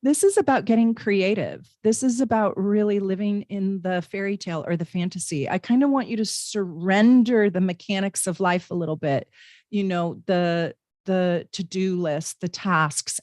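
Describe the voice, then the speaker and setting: A woman's voice: fairly low pitch, a little mellow, no echo. A middle-aged woman giving a live tarot reading in a chatty, emphatic way, blunt and sometimes swearing. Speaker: astrologer and tarot reader.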